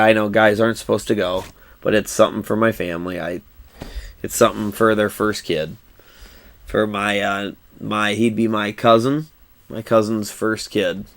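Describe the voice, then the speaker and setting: A man's voice: fairly low pitch, no room sound. A man in his thirties streaming a game, chatting casually, rambling and cursing freely with frequent laughs. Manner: laid-back, rambling, swears freely, laughs often. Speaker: gaming streamer. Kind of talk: casual live-stream chat while playing.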